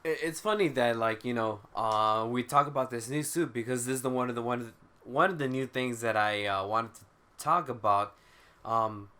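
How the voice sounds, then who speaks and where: A man with a bright, sharp-edged voice on a casual podcast. He talks in halting bursts full of fillers and drops swear words casually. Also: mid-range voice, smooth. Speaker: podcast co-host. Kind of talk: casual fan podcast chat.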